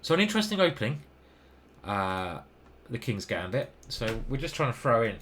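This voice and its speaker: Rambling English chess commentator. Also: male voice, mid-range voice, very animated, normal speed, fairly bright tone, a little hiss or hum. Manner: rambling, self-deprecating, swears casually. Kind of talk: casual commentary over his own games.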